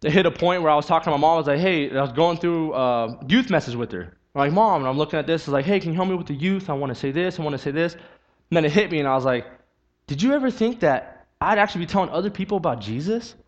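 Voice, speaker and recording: A man's voice: a little high, very fast. A young man preaching a sermon and telling his testimony, earnest and emphatic, driving points home by repeating them. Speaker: youth preacher. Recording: dull lo-fi recording.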